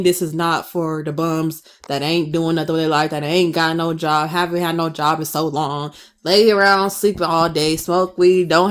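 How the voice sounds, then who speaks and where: A twenty-something vlogger with a low-sitting, slightly bright voice rants to camera with real passion, throwing out one emphatic rhetorical question after another.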